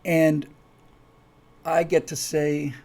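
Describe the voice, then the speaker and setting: A man's voice: a little high, little pitch movement, drawn-out words, darkish tone. A man hosting a live stream, talking casually and rambling with many restarts and asides. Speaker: host.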